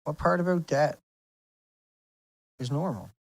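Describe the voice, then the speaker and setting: A man's voice: a little high, lively intonation, a little slow, gravelly, slightly rough, dry recording. A man hosting his own video, talking casually and insistently over pictures on screen, asking rhetorical questions as he rambles. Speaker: video host.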